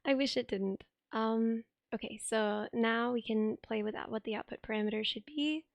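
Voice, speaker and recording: A young woman with a sick voice, chatting on a live stream, thinking aloud as she tinkers and thanking viewers with excitement. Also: on the high side, moderate pace, vocal fry, dry recording. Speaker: livestreamer. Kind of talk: casual live stream chat. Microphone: desk streaming microphone.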